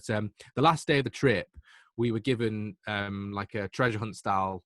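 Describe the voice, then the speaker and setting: Man, twenties, Mancunian accent, lively self-mocking anecdotes, dry close sound. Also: lowish voice, normal speed, no echo. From Manchester, England. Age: 20s. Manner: lively, self-deprecating storyteller. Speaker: podcast guest. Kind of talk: casual anecdotal storytelling.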